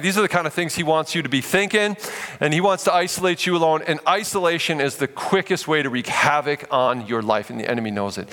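A male pastor preaching a sermon in a church, animated and emphatic, often dropping low to stress a point. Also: big-room sound.

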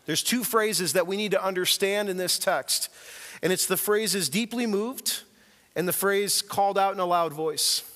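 A male pastor preaches earnestly and emphatically in a fairly high, bright voice at normal speed. Telling the story, he shifts from hushed asides to forceful declarations, and the long reverb of a big sanctuary carries his voice.

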